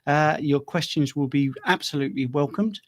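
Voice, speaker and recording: An older man from the UK hosts a live stream Q&A, chatting loosely and greeting viewers by name. His voice is gravelly and sits a little high. The sound is dry and close on a desk microphone. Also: normal speed, dry recording. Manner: chatty, reads out viewer comments. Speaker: host.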